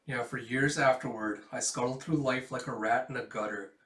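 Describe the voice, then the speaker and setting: Man voicing a grim young soldier, flat and brooding, roomy sound. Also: medium pitch, normal speed, distant mic, lightly acted. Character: grim young male soldier remembering the war. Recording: echoey room.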